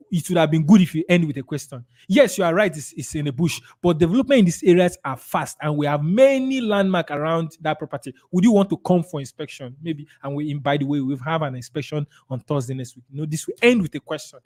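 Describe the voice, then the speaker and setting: A man's voice: fairly high pitch, a little fast, few pauses. A man with a Nigerian accent running a live sales training webinar, reading out viewers' answers and role-playing replies to clients. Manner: energetic, reads chat comments aloud, role-plays client replies.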